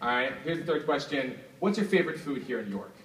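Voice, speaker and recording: In his medium-pitched, brisk voice, a young magician keeps up casual, energetic stage patter, hyping the audience, chatting to helpers and leaning on the filler "like." It's captured from afar in an echoing hall amid crowd noise.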